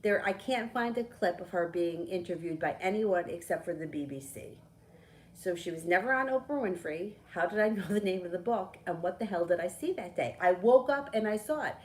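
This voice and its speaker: A middle-aged woman, a tarot reader chatting casually on a live stream, telling a story with lively, swearing asides. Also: fairly low pitch, a little fast, a little hiss or hum, low-quality recording.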